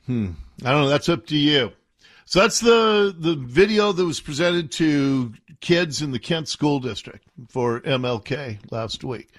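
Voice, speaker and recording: A man from the Seattle area hosting a talk radio show, animated and indignant, arguing playfully with his co-hosts. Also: fairly high pitch, unhurried. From Seattle area, USA.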